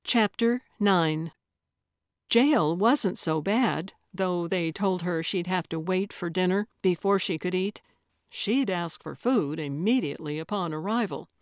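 Brief: woman audiobook narrator, slow and measured, mid pitch, dry close sound. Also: no room sound. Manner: measured storytelling. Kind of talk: scripted narration.

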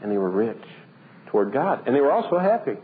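A man delivers a sermon from the pulpit, animated and emphatic, rising to high peaks before dropping soft and low. The recording is thin and phone-like, with a faint hiss underneath. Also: a little fast. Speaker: pastor. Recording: tinny phone-like band, faint noise.

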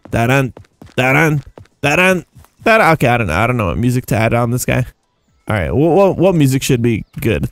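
A young man giving casual, rambling gameplay commentary as a YouTuber, excitable and jumping between high and low. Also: a little hiss or hum. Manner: excitable, rambling, jumpy pitch swings. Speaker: gaming YouTuber.

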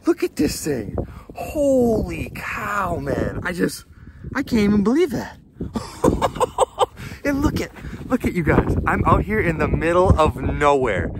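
A man vlogging while ice fishing outdoors on a frozen lake, talking excitedly to his viewers and exclaiming often. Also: on the high side, normal speed. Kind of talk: excited outdoor vlog narration. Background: wind and outdoor ambience.

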